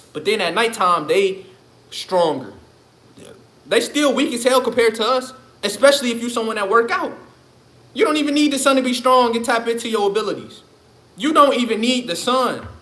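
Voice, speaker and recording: A man's voice: high voice, a bit bright. A man ranting on his livestream in a loose, profane, rambling way, laughing often. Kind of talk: casual livestream rant. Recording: echoey room.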